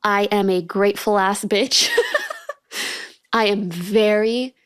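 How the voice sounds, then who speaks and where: A woman's voice: medium pitch, fairly even intonation, a little slow, clear, resonant tone, no room sound, clean studio sound. A young woman in her twenties hosting a solo podcast, talking candidly and ranting a little, with frequent laughs. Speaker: podcast host.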